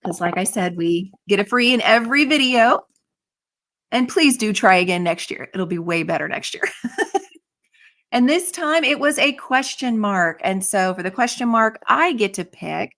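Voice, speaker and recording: A woman hosting a casual live stream, chatting brightly and reacting to viewer comments. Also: mid-range voice, animated, moderate pace. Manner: bubbly, reads viewer comments aloud. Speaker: livestream host.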